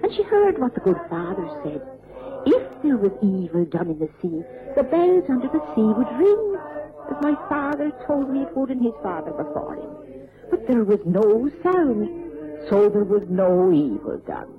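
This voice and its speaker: A woman's voice: a little high, big pitch swings, measured pace, music in the background. An actress playing a grieving old Irish mother, brooding and lamenting, in old-time radio drama with an Irish accent, heard through a narrow, lo-fi old radio recording. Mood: mournful.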